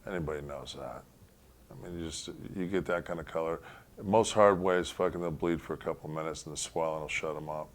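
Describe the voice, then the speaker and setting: A man with a very low voice tells stories bluntly, with heavy swearing. He speaks casually as an interview guest. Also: brisk, slight background noise.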